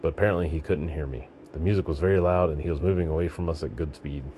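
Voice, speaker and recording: A man reading a story aloud in a gritty, deadpan manner, breaking into shouts for the dialogue. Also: a bass voice, fast, a little hiss or hum. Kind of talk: audiobook narration.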